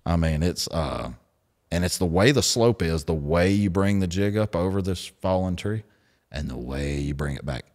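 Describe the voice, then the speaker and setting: A man hosting a podcast, telling stories in a lively, laughing way and acting out what others said. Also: low-pitched, normal speed. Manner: animated storyteller, laughs often, acts out quotes. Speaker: podcast host. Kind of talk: casual storytelling chat.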